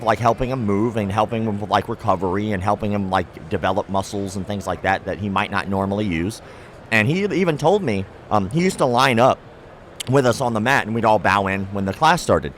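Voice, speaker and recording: Animated man telling a story outdoors. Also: on the low side, brisk, a little hiss or hum. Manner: animated storyteller who acts out quoted people, swears freely. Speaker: martial arts content creator, guest. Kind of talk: casual storytelling interview. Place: outdoors at a trade show.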